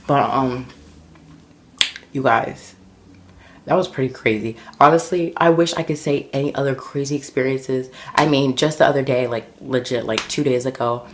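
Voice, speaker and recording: A man vlogging, telling embarrassing stories in an animated, dramatic way, full of fillers. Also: medium pitch, background noise. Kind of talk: casual storytelling to camera.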